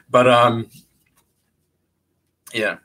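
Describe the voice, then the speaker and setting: A man in his twenties chatting casually to his viewers in a vlog, playful and quick to laugh. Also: mid-range voice, sharp tone. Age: 20s. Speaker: vlogger.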